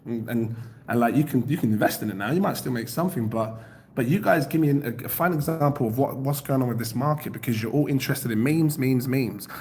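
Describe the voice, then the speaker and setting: Laughing, chatty man on a crypto livestream. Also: fast. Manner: laughs often, reads out chat comments; animated, jumps up in pitch when excited. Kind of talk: casual livestream chat.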